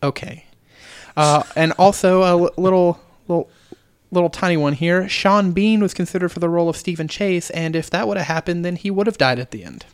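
A man co-hosting a casual movie podcast, sharing trivia and swearing freely in relaxed chat. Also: high voice, a little fast, clear, resonant tone, dry recording. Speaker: podcast co-host.

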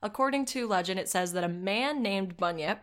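A woman's voice: medium pitch, brisk, a bit bright, clean tone. A woman co-hosting a casual podcast, reading old accounts aloud and breaking off into laughing, swearing asides. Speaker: podcast co-host.

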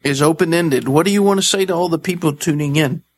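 A male host asks his last question and thanks his guest in a polite, upbeat way. His voice sits a little higher than most. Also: fast. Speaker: interview host. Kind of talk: interview questions.

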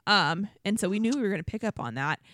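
Woman co-host, casual recap chat, lively quote impressions, dry studio sound. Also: mid-range voice, fast talker, no echo. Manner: animated, acts out quotes in exaggerated voices. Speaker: podcast co-host.

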